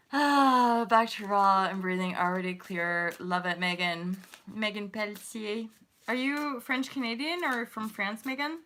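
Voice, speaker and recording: A woman's voice: medium pitch, sharp tone. A woman hosting a spiritual livestream, chatting casually with viewers, swearing freely and laughing often. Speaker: spiritual coach and livestream host. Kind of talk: casual livestream chat reading comments.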